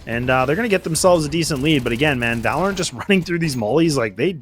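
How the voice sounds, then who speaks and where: A man giving quick, analytical color commentary on a competitive shooter match, chatty with frequent restarts. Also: on the high side, lively intonation, slight background noise. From Canada.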